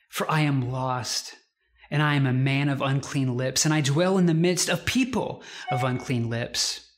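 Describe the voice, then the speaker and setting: A man preaching a sermon in an earnest, conversational way, slowing down to stress quoted lines. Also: medium pitch, gravelly, fairly bright tone. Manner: earnest, conversational preaching with slowed, emphatic quotations. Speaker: pastor.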